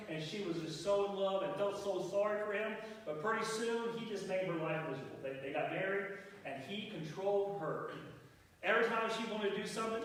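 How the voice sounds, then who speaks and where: A man's voice: on the high side, slight background noise. A pastor in his forties giving a folksy, playful storytelling sermon in a church. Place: church sanctuary. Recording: echoey hall, mic far off.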